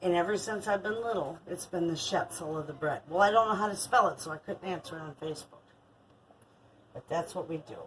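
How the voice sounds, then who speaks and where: A woman's voice: on the low side, fairly quick, fairly bright tone, slight background noise, low-quality recording. An older woman chatting casually through a home kitchen vlog, rambling and friendly. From Michigan. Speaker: homestead vlogger.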